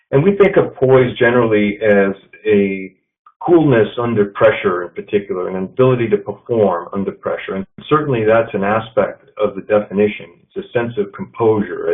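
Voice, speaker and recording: Lower-voiced man, tinny sound. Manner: measured, storytelling with quotes. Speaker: leadership speaker. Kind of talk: presentation to an audience.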